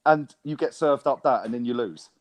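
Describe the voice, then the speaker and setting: Sweary, emphatic football fan. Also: male voice, mid-range voice, expressive, moderate pace. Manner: sweary, emphatic, keeps asking "right?". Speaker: podcast co-host. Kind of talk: casual football chat.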